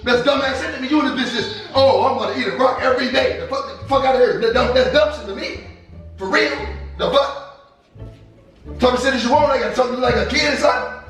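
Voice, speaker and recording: Fast-talking exasperated man, echoey room. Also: extremely high pitch, fairly bright tone. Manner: profane, stuttering, repeats himself. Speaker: vlogger, husband. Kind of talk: prank vlog, exasperated ranting. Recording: echoey room, mic at a distance, music under it.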